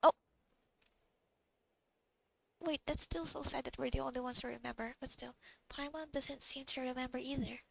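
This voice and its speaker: A young woman reacting to a game she is playing, excitable and expressive, swearing freely. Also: sits high, normal speed, vocal fry, long pauses, no room sound, poor audio. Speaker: game streamer. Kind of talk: gameplay reaction commentary. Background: game music.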